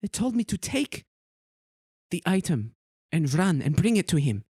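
A woman's voice: lowish voice, very animated, a little slow, dark tone, husky, no room sound, studio quality, voice pushed up, full character voice. A woman voicing a young, anxious female tiefling thief who apologizes and pleads in a tabletop role-play. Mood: earnest.

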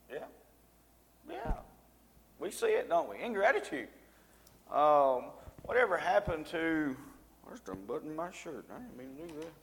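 A man teaching a Bible lesson, reading scripture with rising emphasis and talking folksy to the congregation. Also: fairly high pitch. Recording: long reverb in a church hall.

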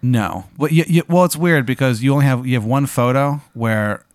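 A young man tells a comedy story as he goes, playful and vivid, often pausing on "uh" and "like." His pitch sits mid-range and the sound is dry and close. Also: no room sound. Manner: vivid, playful, dramatic narration with hesitant fillers. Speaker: co-host.

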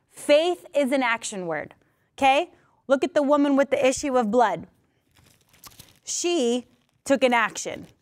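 A woman preaching a sermon, emphatic and repeating key phrases for stress. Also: on the high side. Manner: acts out voices of people in scripture stories.

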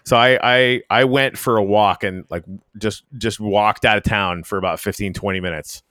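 A man's voice: fairly low pitch, fairly even intonation, normal speed, a bit bright, no echo, studio quality. A man from the Canadian Arctic hosting a casual podcast chat, rambling with lots of fillers and restarts. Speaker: podcast host.

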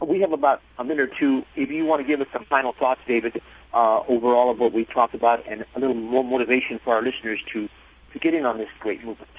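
A man hosting a radio show and interviewing a guest, halting and restarting his sentences. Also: medium pitch, fairly even intonation, breathy edge. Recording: tinny phone-like broadcast sound.

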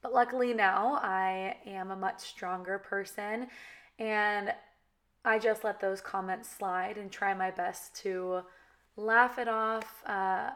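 A woman's voice: mid-range voice, steady tone, takes it slowly, a bit bright. Chatty Californian valley-girl woman. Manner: chatty, frequent "you know" and "like". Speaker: reality TV cast member. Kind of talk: candid direct-to-camera talk.

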